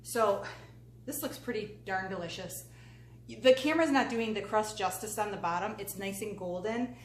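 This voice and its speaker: A woman's voice: mid-range voice, moderate pace. A woman hosting a casual cooking demonstration, chatty and enthusiastic as she talks straight to her viewers from a home kitchen. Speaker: cooking channel host. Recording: echoey room with faint background noise.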